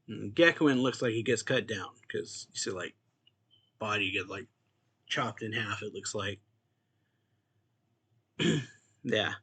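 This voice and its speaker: A young man hosting a casual manga recap, rambling with lots of "like" and reading quotes aloud. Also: lowish voice. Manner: loose, rambling, full of "like" and soft laughs, reads quotes aloud. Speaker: host.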